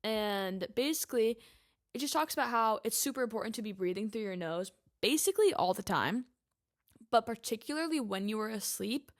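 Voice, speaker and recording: A woman's voice: fairly high pitch, animated, fairly quick, no echo, studio quality. A young adult woman hosting a casual solo podcast, chatty and candid, swearing freely and speaking straight to her listeners. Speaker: podcast host.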